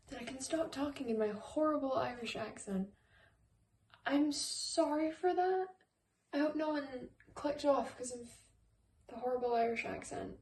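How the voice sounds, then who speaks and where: A woman's voice: sits high, measured pace, darkish tone, roomy sound, far from the mic, a little hiss or hum, rough recording. A woman chatting casually while baking for her channel, playful and goofy. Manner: playful, goofy, makes silly noises. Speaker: YouTuber baking on camera. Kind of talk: casual baking vlog chat. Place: home kitchen.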